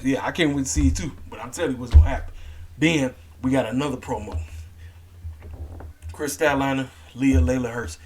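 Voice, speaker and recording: A man's voice: mid-range voice, fairly quick, slight background noise. A man giving a casual, opinionated rant as a wrestling vlogger, blunt and repetitive with plenty of slang.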